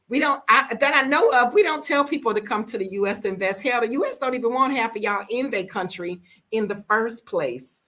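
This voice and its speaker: A woman's voice: medium pitch, normal speed, bright, forceful tone. Blunt, emphatic American woman in her fifties. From United States. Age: 50s. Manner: emphatic, blunt, repeats words for stress. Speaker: vlogger living abroad. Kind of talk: casual storytelling rant.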